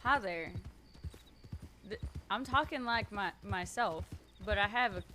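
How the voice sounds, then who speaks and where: A young woman streamer with a slight twang chats casually in a sharp, medium-pitched voice at a moderate pace. As she tries out a character voice, she swears a lot and criticizes herself.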